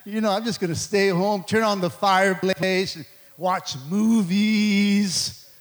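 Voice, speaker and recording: A man's voice: high-pitched, fairly even intonation, slow. A man preaching a fervent sermon to a church, peppering it with calls of amen and stumbling restarts. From Mexico. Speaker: pastor.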